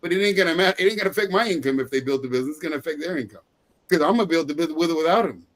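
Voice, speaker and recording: A middle-aged man coaching a sales team in a motivational training talk. His voice sits a little high for a man, and he drives his points home through repetition, with frequent chuckles. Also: very fast, fairly bright tone. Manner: emphatic, repetitive, laughs often.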